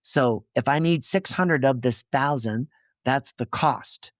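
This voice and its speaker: A man's voice: mid-range voice, slow pace, dry recording, studio quality. A man as a podcast guest, explaining his ideas earnestly and checking in with his listener as he goes. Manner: didactic, checks in with "okay?" and "right?".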